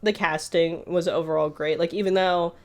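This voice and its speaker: A woman co-host on a podcast, her voice fairly low and her pace moderate, relates a story in an easygoing, meandering way. She fills it with verbal fillers and tells it with animation.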